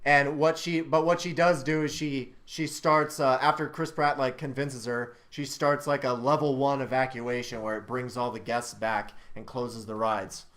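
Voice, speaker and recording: A man's voice: medium pitch, steady tone, normal speed, few pauses, fairly bright tone. A young man hosting a casual film review chat, ranting with exasperated anger and plenty of swearing. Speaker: channel host reviewing a film.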